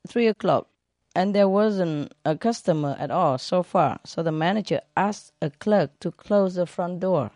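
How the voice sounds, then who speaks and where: A woman with a slightly low voice tells jokes to her audience as a spiritual teacher. She takes her time over every line and laughs often at her own punchlines. The sound is dry and close, with no room around it. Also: a little mellow, no room sound. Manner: slow, unhurried storytelling.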